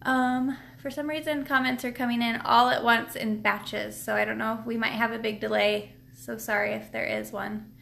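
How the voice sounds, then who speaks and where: A woman's voice: fairly high pitch, steady tone, normal speed, vocal fry, a bit bright. A woman hosting a casual live stream tutorial at home, chatty and rambling, with lots of fillers and restarts. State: a bit out of breath. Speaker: nail product seller and live stream host. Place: at home, seated at a table.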